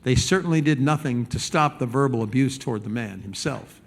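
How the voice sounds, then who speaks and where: Guy pastor giving a sunday sermon, chatty and animated, lots of restarts, middle-pitched voice. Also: brisk. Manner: animated, acts out the people he quotes; conversational with restarts and repeated words.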